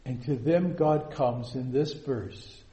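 Slow, echoey preaching man. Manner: swings from hushed low lines to loud soaring quotes; slow, drawn-out emphatic delivery. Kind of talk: sermon.

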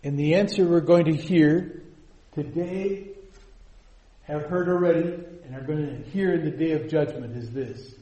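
A man preaching a sermon, slow and emphatic, dropping to hushed lines and rising to loud, soaring quotations. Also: high-pitched, reverberant, rough recording. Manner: slow, drawn-out emphatic delivery.

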